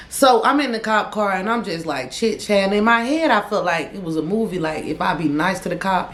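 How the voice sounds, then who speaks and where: Animated young woman telling a story. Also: medium pitch, echoey room. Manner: animated, dramatic storytelling with acted-out quotes. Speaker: vlogger. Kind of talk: storytime vlog.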